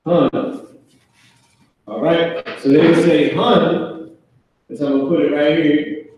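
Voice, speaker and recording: Slow, casual man teaching from afar. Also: on the high side, steady tone, far from the mic, dull audio. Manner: casual, slangy, repeats words slowly for students. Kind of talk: live online language class. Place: classroom with a board. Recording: echoey room, off-mic.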